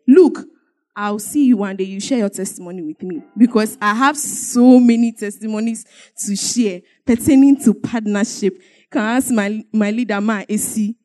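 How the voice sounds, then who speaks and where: A woman's voice: mid-range voice, fairly even intonation, normal speed, a little mellow. A woman giving an emotional church testimony, telling her story emphatically with repetition and bursts of laughter.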